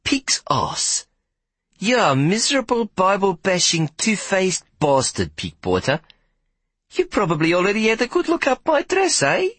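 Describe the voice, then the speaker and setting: A man voicing a loud, coarse and bossy big woman who curses theatrically and orders people around, in an audiobook. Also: high-pitched, wildly swooping pitch, a little slow, breathy edge, no echo, heavily acted. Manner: foul-mouthed, imperious, theatrical complaining. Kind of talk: audiobook character voice.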